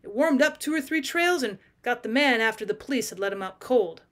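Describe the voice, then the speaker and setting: A woman reading the lines of a quiet, conflicted male detective, speaking them in a thoughtful, earnest way. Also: fairly high pitch, expressive, a little fast, natural voice.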